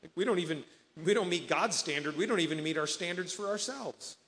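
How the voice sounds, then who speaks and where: A man's voice: high voice, lively intonation, fairly quick, a bit bright, big-room sound. A man preaching a sermon as pastor, earnest, quoting scripture and voicing the people in his stories.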